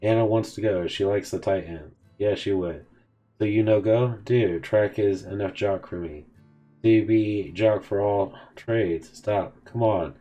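Against faint background music, a gaming video host reads aloud the text messages characters send each other. He takes both sides of the chat casually and offhandedly, in a fairly low, warm voice at a measured pace.

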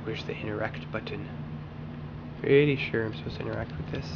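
A gaming channel host chats casually and rambles to himself as he plays, giving loose gameplay commentary. His voice is medium-pitched, fairly quick, and creaky, captured in a muffled, very noisy recording.

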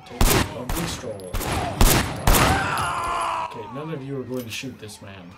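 A man's voice: medium pitch, lively intonation, a little slow, heavy background noise. A young man giving joking gameplay commentary, goofily talking back to game characters. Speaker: gaming YouTuber. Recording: gameplay audio with sirens under voice.

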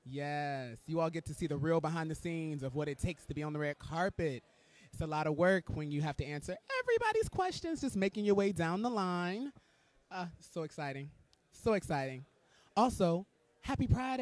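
A man's voice: on the high side, animated, fairly quick. Gushing, campy male red carpet host. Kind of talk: live red carpet commentary. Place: indoor red carpet event.

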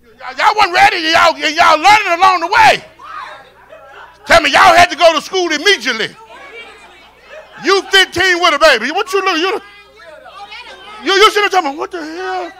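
A male pastor, preaching a sermon and moving from shouts and call-and-response to quiet, close talk. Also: very high voice, normal speed, creaky, pauses often, some chatter behind. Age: 50s. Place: church sanctuary with congregation.

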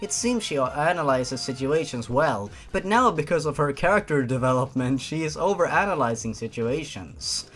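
A man's voice: a little high, lively intonation, normal speed, few pauses, fairly bright tone, soft background music. A man voicing a dry, analytical masked man. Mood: thoughtful.

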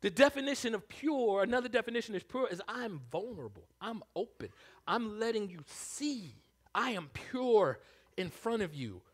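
A man preaching a sermon as pastor, animated, swinging from hushed asides to loud calls. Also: high voice, moderate pace, husky.

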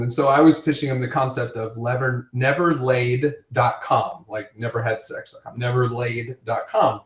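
A man's voice: mid-range voice, normal speed, few pauses. A man hosting a casual chat, telling rambling stories with frequent laughs. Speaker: podcast host. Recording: roomy, distant from the mic.

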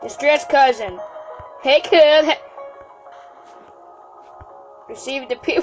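Excitable high-voiced woman gamer. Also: a little slow, faint music behind. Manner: excitable, exclaims and stammers often. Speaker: game channel host. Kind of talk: casual gameplay commentary.

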